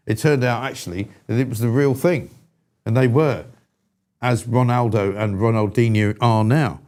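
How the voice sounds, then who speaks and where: An English man hosts a live talk show of opinionated chat, speaking bluntly and with exasperation in an irascible manner. His voice is medium-pitched and darkish, at a moderate pace.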